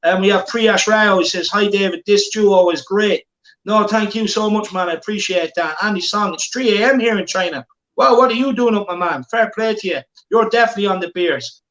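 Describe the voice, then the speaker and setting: A man hosts a live football watchalong in a chatty, bantering way, reading out viewer comments as he goes. His voice sits fairly high for a man. The room has a noticeable echo. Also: fairly quick, a bit bright, muffled recording. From Ireland. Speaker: watchalong host.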